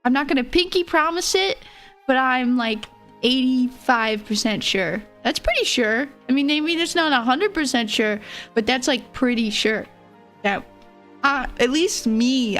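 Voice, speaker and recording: A woman's voice: high-pitched, lively intonation, measured pace, a bit bright, soft background music. A woman livestreamer chatting casually with viewers in a giggly, playful and teasing way.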